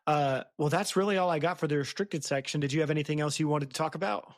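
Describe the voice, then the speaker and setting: A woman's voice: sits low, fast talker, dry recording, studio quality. A woman with a Southern US accent hosting a podcast, chatting casually and laughing often, with many fillers. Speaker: podcast host. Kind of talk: casual chat.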